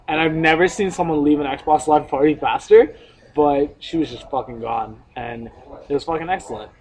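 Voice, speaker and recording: A man's voice: a little high, brisk, low-quality recording. A young man hosting a podcast, telling a story casually, swearing and laughing as he goes. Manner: profane, laughing, animated storyteller. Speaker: podcast host.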